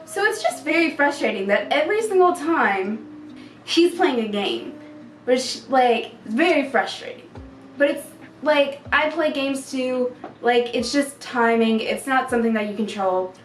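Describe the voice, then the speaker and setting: A woman's voice: high voice, animated, unhurried. A young woman talking casually about her boyfriend, chatty and full of "like". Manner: chatty, lots of "like". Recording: roomy, distant, music behind.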